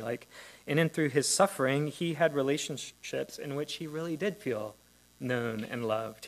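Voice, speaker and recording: A man's voice: mid-range voice, a bit bright, low-quality recording. A man preaching a sermon in a conversational, reflective way, often asking his listeners questions. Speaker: pastor.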